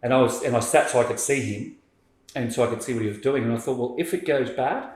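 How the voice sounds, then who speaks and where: A man, a podcast guest telling a story in lively conversation and acting out what people said. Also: mid-range voice, fast. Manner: animated, acts out quoted speech. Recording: roomy echo.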